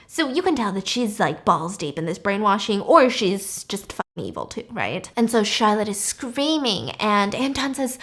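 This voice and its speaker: Casual woman vlogger, expressive storyteller, salty language. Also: mid-range voice, normal speed, hardly any pauses. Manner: expressive, chatty, swears freely.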